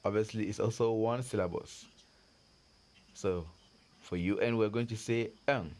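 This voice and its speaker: A man teaching French pronunciation to learners, repeating words and giving patient encouragement. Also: fairly low pitch. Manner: drills words slowly with repetitions. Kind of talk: slow pronunciation lesson.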